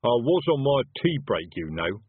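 A man's voice: mid-range voice, expressive, normal speed, slightly rough, no echo, phone-quality sound. A man voicing a scruffy, nervous young male wizard who talks hesitantly and placatingly. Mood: reproachful. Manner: hesitant, placating, slightly whiny.

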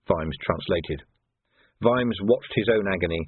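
A man reading a story aloud in a measured, wry narration. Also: lowish voice, expressive, breathy edge, dry recording. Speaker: audiobook narrator. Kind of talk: scripted narration. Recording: tinny narrow audio, dry.

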